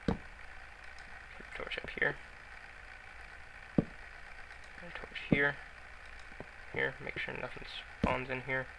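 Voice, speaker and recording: A man's voice: medium pitch, completely flat delivery, slow pace, gravelly, long pauses, background noise. A man giving rambling, self-mocking commentary while he plays a video game, often mumbling to himself. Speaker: gaming YouTuber. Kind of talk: casual Let's Play commentary.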